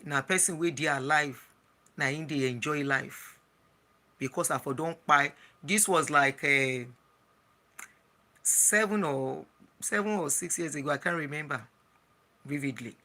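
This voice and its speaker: An adult vlogger with a Nigerian accent and a very bright, sharp tone. The story comes out as casual chat that mixes in Pidgin. It is full of small restarts and asides. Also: mid-range voice, normal speed. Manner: chatty, slips into Pidgin, frequent restarts. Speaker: travel and lifestyle vlogger.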